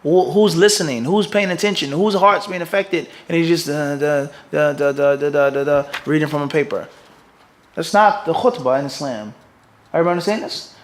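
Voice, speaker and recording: A middle-aged man, a mufti, gives a religious lecture to a class. He keeps leaving blanks for the listeners to fill in and checks that they follow him. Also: on the high side. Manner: quizzes listeners with fill-in "what?" prompts; keeps checking "everybody understand this?". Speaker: mufti teaching a hadith class.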